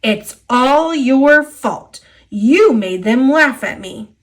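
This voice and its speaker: A woman's voice: mid-range voice, slow, lightly acted. A woman with an American accent voicing a smug, oily-voiced male diesel engine in a storybook reading. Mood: furious. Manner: smooth purring, conceited.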